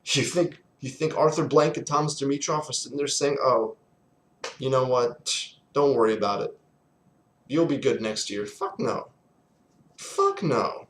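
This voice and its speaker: A man's voice: mid-range voice, steady tone, moderate pace, a little hiss or hum. A young man ranting in a casual vlog, exasperated, sarcastic and swearing often. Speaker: sports fan vlogger.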